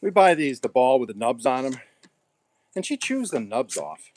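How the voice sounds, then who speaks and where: A man's voice: medium pitch, sing-song, normal speed, darkish tone, slight background noise. Folksy man. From Oklahoma. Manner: folksy, rambling, chats to his dog. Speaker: gardening vlogger. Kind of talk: casual chat while gardening. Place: backyard garden, outdoors.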